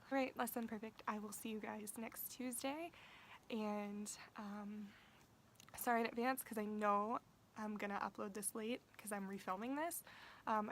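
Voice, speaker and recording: A young woman vlogger telling a casual storytime, talking fast and swearing freely, saying "like" all the time. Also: mid-range voice, vocal fry, a bit bright, a little hiss or hum, rough recording. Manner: profane, fast-talking, uses "like" constantly.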